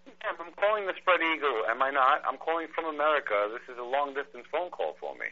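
A man's voice: fairly high pitch, sing-song, fast, sharp tone, pitched above the performer's own voice, heavily acted. A congested man playing a pushy American tourist in a prank phone call, rambling and mock-polite. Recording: tinny phone line.

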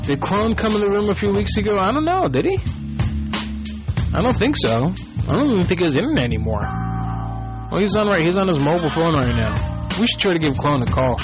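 A man's voice: high-pitched, very animated, quick pace, long pauses. A male radio show host chatting casually and crudely between prank calls, inviting listeners to call in. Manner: loose, joking, crude. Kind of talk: casual live radio chat. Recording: muffled, with music behind.

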